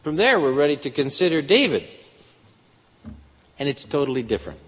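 A man's voice: a little high, sing-song, moderate pace. A man preaching a sermon in an earnest style, his voice rising for emphasis. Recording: dull lo-fi sound with long hall reverb.

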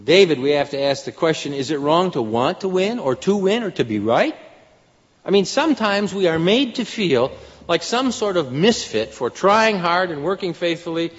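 A man's voice: sits high, big pitch swings, moderate pace. A man preaching a sermon in an earnest style, his voice rising for emphasis. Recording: dull lo-fi sound with long hall reverb.

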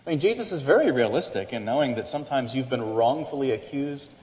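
A man's voice: mid-range voice, lively intonation, fast talker, a little mellow, long reverb tail, dull audio. A middle-aged man preaching a sermon in a conversational way, often restarting and adding asides. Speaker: pastor.

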